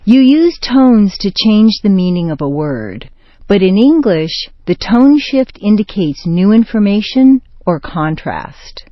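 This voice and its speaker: A woman narrating an accent and grammar lesson in a slow, deliberate scripted delivery, stressing words in example sentences. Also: medium pitch, very animated, no echo. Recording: dull, dry studio voice-over.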